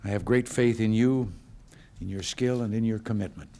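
An older man from the United States giving informal remarks to staff in a hotel function room, with relaxed, folksy storytelling and dry humor. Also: fairly low pitch, normal speed. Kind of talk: informal speech with joke stories.

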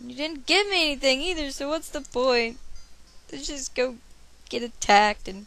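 A woman's voice: sits high, moderate pace, fairly bright tone. A young woman giving casual, bubbly let's-play commentary from home, giggling and chatting to her cat. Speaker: let's player.

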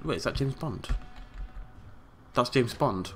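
A man's voice: mid-range voice, animated, fairly quick, pauses often, slight background noise. A man giving playful, jokey gameplay commentary as a let's play host, humming tunes and making silly sound effects.

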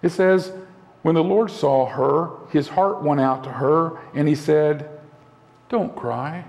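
A male pastor delivering a sermon in an earnest way, slowing down and dropping to a soft voice for emphasis. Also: fairly high pitch, steady tone. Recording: long hall reverb.

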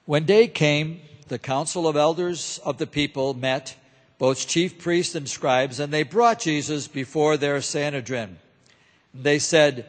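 A man's voice: a little high, measured pace. Solemn male reader in a church. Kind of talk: scripted scripture narration. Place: large church. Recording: echoey church hall.

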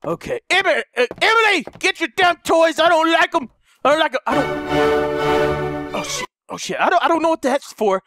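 A man commentating a horror game, panicking loudly, swearing and laughing. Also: very high voice, expressive, normal speed, loud music behind the voice. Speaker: gamer commentator. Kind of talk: let's play commentary.

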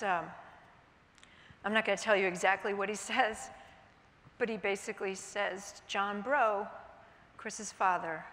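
A middle-aged woman speaks from a conference stage, telling a personal story in vivid present tense. Her voice is bright and forceful, and it carries a long hall reverb. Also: medium pitch. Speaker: keynote speaker.

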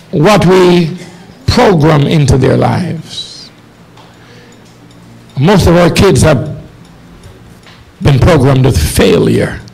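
A Jamaican man preaching a sermon to a congregation, repeating phrases and building to shouts. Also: fairly high pitch, vocal fry, husky, low-quality recording. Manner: preaching with repetition, rising to shouts. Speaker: pastor. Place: church hall with congregation.

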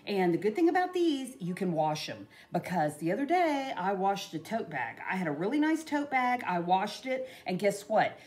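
Chatty woman with lively pitch. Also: moderate pace, few pauses. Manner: chatty, rambling, with frequent "you know" and laughs. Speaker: craft vlogger. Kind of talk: casual DIY tutorial chat.

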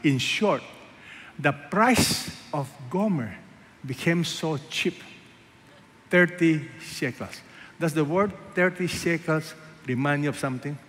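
A man preaching a sermon as a pastor, asking the congregation rhetorical questions and swinging between loud emphasis and hushed asides. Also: a little high, slow. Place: large church hall. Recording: echoey church hall, faint ambience.

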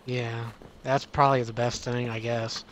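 A man's voice: mid-range voice, a little slow, a little hiss or hum. Profane taunting man playing a shooter. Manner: profane, taunting, excitable during fights. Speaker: gamer streaming with a friend. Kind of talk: casual gaming chat.

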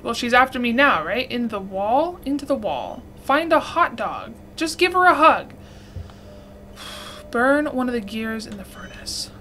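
A woman's voice: a little high, expressive, a little slow, sharp tone, a little hiss or hum. Frantic swearing young woman gamer. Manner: frantic, swearing, talking to viewers. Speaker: gaming streamer. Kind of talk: casual let's-play commentary.

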